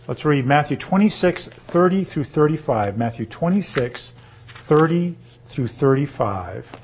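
A man reading scripture aloud and teaching on it, pausing to ask his listeners rhetorical questions. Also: fairly high pitch, lively intonation, a little hiss or hum. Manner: reads slowly, then explains with rhetorical questions. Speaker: Bible teacher.

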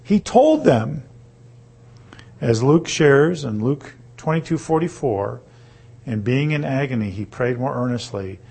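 A man reading scripture aloud and teaching on it, pausing to ask his listeners rhetorical questions. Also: mid-range voice, gravelly, a little mellow, husky. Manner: reads slowly, then explains with rhetorical questions. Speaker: Bible teacher.

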